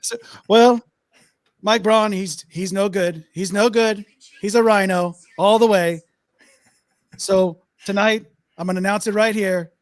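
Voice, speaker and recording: A man's voice: high voice, steady tone, unhurried, long pauses, dry recording. A man doing an impression of a blustering older male politician, repeating himself with boastful emphasis. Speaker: podcast co-host.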